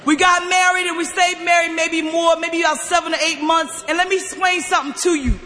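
A woman giving an emphatic personal testimony at a recovery meeting, often pushing her voice close to a shout. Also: very high voice, fairly quick. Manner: emphatic, often near-shouting, animated storytelling. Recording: long hall reverb.

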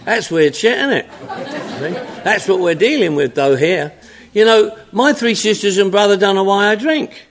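A man's voice: high-pitched, lively intonation, normal speed, a faint crowd. A man speaking to an audience at a recovery meeting, telling his story in a folksy, drawling, joking way with lots of repetition.

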